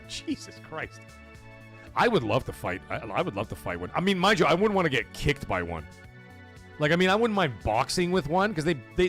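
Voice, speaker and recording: A man's voice: mid-range voice, fairly bright tone. A man hosting a casual gaming livestream, joking, swearing and bantering with his chat. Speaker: livestream host.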